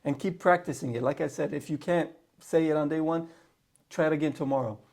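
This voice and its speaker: Guy teaching letters, gravelly voice, a bit high, repeats sounds over and over. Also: fairly quick, a little mellow. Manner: patient, repeats sounds for practice. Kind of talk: spoken lesson.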